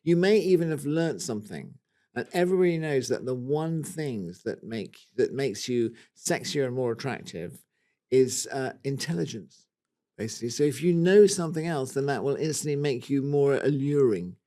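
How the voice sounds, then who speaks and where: A man's voice: medium pitch, animated, normal speed, warm tone. A man with a British accent co-hosting a casual garden podcast, talking in a playful, rambling, self-mocking way. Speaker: co-host.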